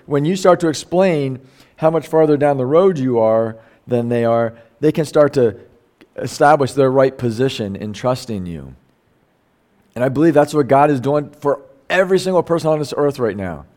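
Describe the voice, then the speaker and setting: A man's voice: medium pitch, darkish tone. A middle-aged man preaching a sermon, reading scripture aloud and explaining it in a conversational way with many rhetorical questions. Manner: conversational, asks rhetorical questions, self-corrects while reading. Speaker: pastor.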